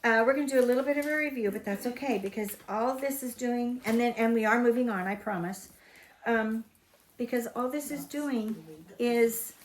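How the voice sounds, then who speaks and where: Older woman, home Bible teacher, a touch high, chatty and emphatic, roomy echo. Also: moderate pace, a little hiss or hum. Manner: chatty, emphatic, asks the group questions. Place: home gathering room. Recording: echoey room.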